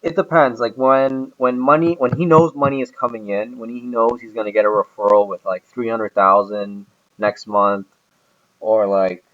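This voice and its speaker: A man's voice: mid-range voice, fairly even intonation, normal speed, a bit bright, highs cut off. A man talking casually about his boss, rambling with many hesitations and restarts. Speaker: employee describing his boss. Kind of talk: casual recorded conversation.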